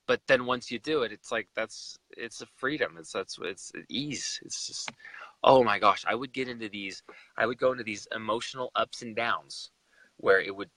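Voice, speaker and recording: A young man from Utah tells a personal story as a chat guest, in an emotional, animated way. His voice is bright and forceful, and it sounds dry and close, with no room echo. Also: mid-range voice.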